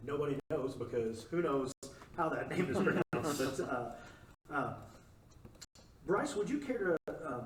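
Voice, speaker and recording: Man leading a church Bible study, relaxed and jokey, mid-pitched, in an echoey room with the mic set back. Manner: relaxed, joking, many fillers. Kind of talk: casual group Bible study discussion. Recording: echoey room, distant mic, faint noise.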